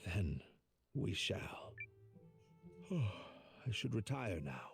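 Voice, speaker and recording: An actor playing a modest male army tactician in a game, speaking in an earnest, measured way. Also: on the low side, sing-song, gravelly, exaggerated voice. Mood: resolute. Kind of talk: game voice acting. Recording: game audio with faint music.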